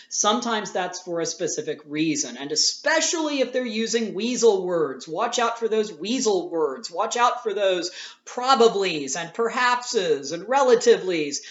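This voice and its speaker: A male teacher giving a recorded class lecture in a conversational way, often pausing on filler sounds and restarting phrases. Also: high voice. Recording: roomy, dull lo-fi sound.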